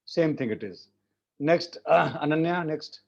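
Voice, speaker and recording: A fairly high-voiced Indian man leads an online French class at an unhurried pace, repeating words to correct his students. His speech comes through a muffled, lo-fi video-call line. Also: expressive, creaky. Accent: Indian English. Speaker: French teacher.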